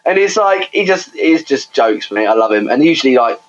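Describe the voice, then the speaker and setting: A man's voice: medium pitch, sing-song, a little fast, muffled recording. A young man, co-hosting a podcast in casual chat, rambling and laughing with lots of fillers. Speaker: podcast co-host.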